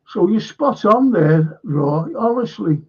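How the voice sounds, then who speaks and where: A man's voice: sits high, lively intonation, slow pace, darkish tone, slightly rough. A man hosting a live stream, rambling bluntly and swearing often. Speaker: show host. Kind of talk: casual live-stream chat. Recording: dull lo-fi stream audio.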